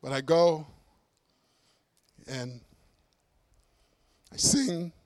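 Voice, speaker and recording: A middle-aged man preaches a testimony as a lively storyteller, slipping into the voices of the people in his tale and poking fun at himself. His voice sits fairly high for a man. The sound is dry and close, with no room echo. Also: very slow. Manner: lively storyteller, acts out dialogue, self-mocking humor. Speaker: preacher and singer giving a testimony.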